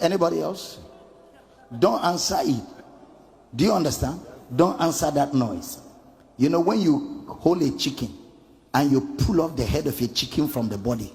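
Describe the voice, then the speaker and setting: A man preaches in a high, swooping voice with a gravelly edge. His delivery is emphatic and sing-song, driving points home by repetition. The sound carries the long reverb of a large hall. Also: expressive, moderate pace, a little mellow. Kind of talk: sermon.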